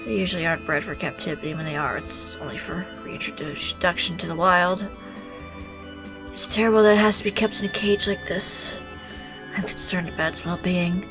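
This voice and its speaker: A woman voicing a mopey, soft-spoken male demon who speaks sadly, slowly and quietly. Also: lowish voice, steady tone, over music, close to an everyday voice. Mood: mournful. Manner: sad, slow and quiet.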